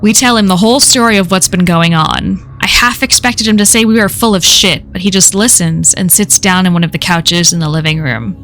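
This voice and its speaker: A woman's voice: lowish voice, fairly quick, few pauses, fairly bright tone, slight background noise. Woman casually reading a horror story. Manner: casual, profane first-person telling. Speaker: story reader.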